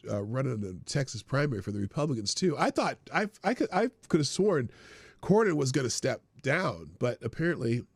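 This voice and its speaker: A man's voice: mid-range voice, husky, no room sound. A man hosting a live stream, giving casual, sarcastic political commentary and thinking aloud.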